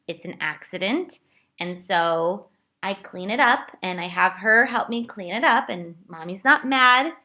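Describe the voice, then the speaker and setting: A woman's voice: mid-range voice, sharp tone. A young woman hosting her own podcast, telling a candid, self-deprecating story about her week. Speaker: podcast host. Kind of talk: confessional solo podcast.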